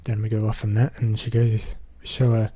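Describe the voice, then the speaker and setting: A male Australian movie reviewer casually recaps a film, wandering as he talks and filling pauses with "basically" and "um." The voice is on the low side and mellow with some breathiness, completely flat in delivery and at normal speed.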